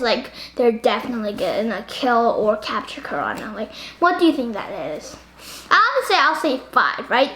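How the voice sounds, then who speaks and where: High-voiced chatty female book vlogger. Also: a bit bright. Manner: chatty, rambling, many questions and fillers. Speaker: book discussion host. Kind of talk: casual book discussion, asking viewers questions. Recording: roomy echo.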